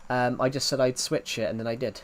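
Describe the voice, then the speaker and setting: A man's voice: mid-range voice, steady tone, fairly quick. A young man chatting casually on a gaming livestream, rambling and correcting himself while answering chat.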